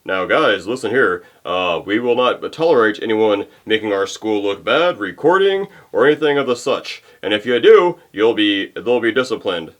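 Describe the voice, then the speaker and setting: A man's voice: sing-song, normal speed, hardly any pauses, fairly bright tone. A man playing a stern, pompous principal. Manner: low, stiff lecturing tone.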